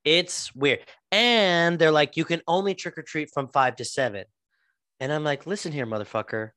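A man co-hosting a podcast in casual chat, rambling with many halting restarts and a lot of swearing. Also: a little high, pushed and bright, dry recording, clean studio sound. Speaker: podcast co-host.

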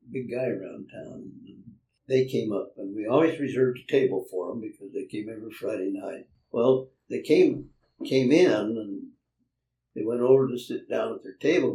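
A man's voice: medium pitch, normal speed, warm tone. An older man, a land developer being interviewed, tells folksy anecdotes and chuckles as he acts out the people in them. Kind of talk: anecdotal storytelling. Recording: roomy, distant from mic.

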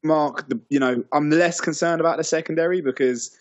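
A man's voice: fairly high pitch, fairly even intonation, a little fast, background noise. A man hosting a casual sports podcast, teasing his co-hosts as he moves the talk along. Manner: teasing, leads the segments. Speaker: podcast host. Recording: dull lo-fi sound.

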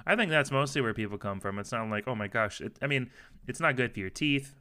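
A man's voice: medium pitch, expressive, fast talker, pushed and bright, smooth. A man co-hosting a comedy podcast, rambling loosely with jokey, mock-serious asides. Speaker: podcast co-host. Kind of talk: casual comedic chat.

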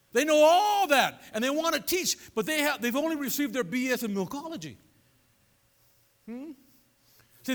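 A man preaching a sermon as pastor, animated and conversational, throwing asides to his congregation. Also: high-pitched. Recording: long reverb of a large hall.

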